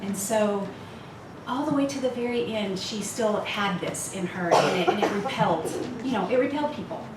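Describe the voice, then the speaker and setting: A woman's voice: mid-range voice, moderate pace. Candid fifty-something woman in an echoey room. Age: 50s. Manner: candid, laughing often, self-deprecating. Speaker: retreat speaker. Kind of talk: candid talk to a women's retreat. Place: retreat meeting room. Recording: echoey room, far mic, noisy.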